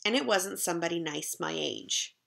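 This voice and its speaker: A woman teacher reading a chapter book aloud to young children in a slow, expressive storytelling way. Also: fairly low pitch, gravelly.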